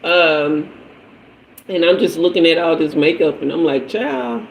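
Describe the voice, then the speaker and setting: A woman's voice: low-pitched, steady tone, moderate pace, slight background noise, low-quality recording. A woman hosting a tarot livestream, telling a casual story in a chatty way, sprinkling in "child" and "honey" and laughing often. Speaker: tarot reader and livestream host.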